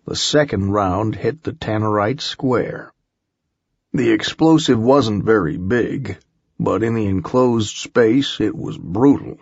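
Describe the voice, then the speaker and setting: A man reads a first-person audiobook in a slow, measured way, his fairly low voice rough with gravel and a husky edge. The sound is close and dry, with a dull, lo-fi tone. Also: darkish tone, no room sound. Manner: measured, unhurried storytelling. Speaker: audiobook narrator.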